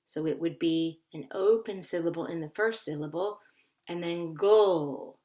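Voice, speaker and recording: A woman's voice: on the low side, measured pace, warm tone. A woman teaching a phonics lesson to young children, patiently repeating words to sound them out.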